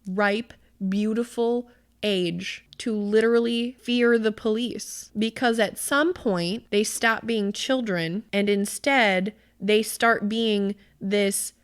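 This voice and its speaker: A woman in mid pitch, speaking as a podcast host in a loose, conversational way. She talks with earnest, emphatic passion and swears often for emphasis. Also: fairly even intonation, takes it slowly, smooth. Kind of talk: casual podcast discussion.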